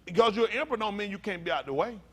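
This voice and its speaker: A pastor with a notably high, breathy-edged voice delivers a teaching sermon at a rapid-fire pace. He is animated, performs acted voices for the people he quotes, and stumbles when reading aloud.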